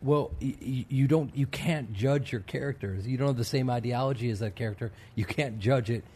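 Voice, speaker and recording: A man's voice: medium pitch, brisk, dark tone, breathy edge. A middle-aged man co-hosting a podcast, an actor who talks earnestly and eagerly about his craft. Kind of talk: casual podcast chat.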